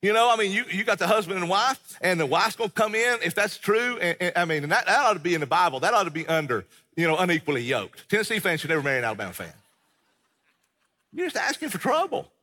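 A man preaches a sermon, emphatic and conversational, repeating and restarting his phrases. His voice sits a little high, bright and a touch husky. A long hall reverb trails each line. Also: lively intonation, quick pace. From American South. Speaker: pastor. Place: church sanctuary.

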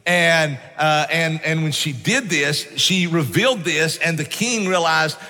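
A man's voice: on the high side, a little slow, bright, forceful tone, big-room sound, soft background music. A man preaching a sermon, telling stories in a folksy way and often saying "man". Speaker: pastor. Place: church sanctuary.

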